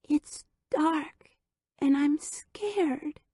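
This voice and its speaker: A woman's voice: high voice, extremely slow, mellow, no room sound, studio quality, voice pushed up. A woman voicing a frightened little girl whose voice is quavery and lisping. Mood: frightened pleading.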